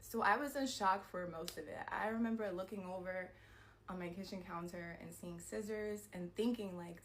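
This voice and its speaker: A woman telling a personal story to her viewers in a storytime vlog, animated and peppered with "like" and swearing. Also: medium pitch, moderate pace. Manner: animated retelling, heavy use of "like", frequent swearing. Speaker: vlogger.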